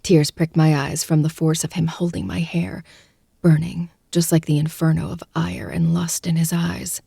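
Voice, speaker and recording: Close to the mic, a woman narrates a first-person audiobook in a hushed, breathy, intimate way that often sinks to a whisper. Her voice is low with little pitch movement, her pace is normal, and there is no echo.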